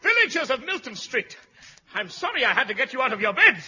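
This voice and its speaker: A high giggly eager hero, bright, lively, muffled old radio. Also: male voice, fairly quick, slightly rough, full character voice. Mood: excitable. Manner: breathless, giggling, bursting with excitement. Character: excitable, eager young male hero. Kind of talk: 1950s radio comedy acting. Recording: dull old radio broadcast recording.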